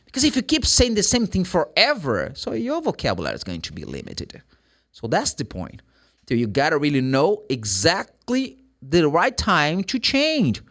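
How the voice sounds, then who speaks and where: An English teacher, his voice sitting a bit higher than most men's and swinging widely in pitch. He drills phrases emphatically in a lively online lesson. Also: normal speed. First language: Portuguese. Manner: animated, emphatic, repeats example phrases.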